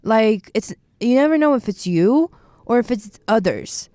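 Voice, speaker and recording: A young woman in her twenties from Bulgaria, speaking English in a casual podcast chat, animated and opinionated. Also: a little high, no echo, clean studio sound. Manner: animated, opinionated, quick asides. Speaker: podcast co-host, university student.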